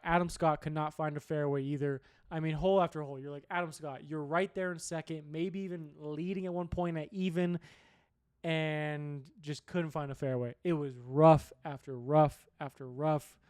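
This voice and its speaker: A young male sports podcast host with a slightly high voice chats casually about the weekend's golf. He rambles, restarts and swears freely. The recording is dry, with no room sound. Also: a little mellow, smooth, no echo. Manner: rambling, profane, conversational recap.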